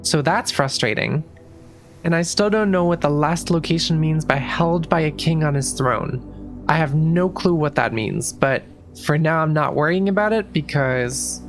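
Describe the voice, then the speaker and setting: A woman streaming a puzzle game, talking through her moves in loose, casual commentary and restarting her sentences often. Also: sits low. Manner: thinks aloud, restarts sentences, swears casually.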